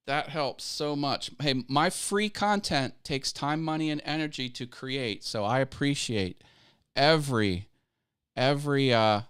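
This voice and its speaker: A man's voice: mid-range voice, moderate pace, fairly bright tone, clean tone, no echo, studio quality. A man hosting a casual live stream about growing a video channel, upbeat and chatty, laughing easily and thanking viewers. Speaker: YouTube coaching livestream host.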